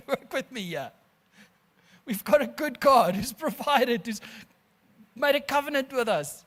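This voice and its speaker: A pastor preaching an animated sermon, calling listeners friends and laughing often. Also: male voice, very high-pitched, slow.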